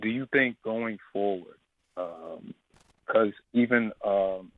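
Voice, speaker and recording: A man's voice: fairly low pitch, takes it slowly, no room sound. A man from Texas calling in to a show, stammering and hesitant as he makes his points. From Texas, United States. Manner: hesitant, stammering, repeats words. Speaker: caller. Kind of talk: call-in debate. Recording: tinny phone line.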